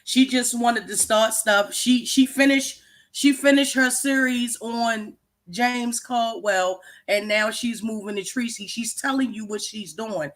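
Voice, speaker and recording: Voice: medium pitch, a little slow, fairly bright tone. A livestream co-host giving emphatic, profane commentary and often repeating words.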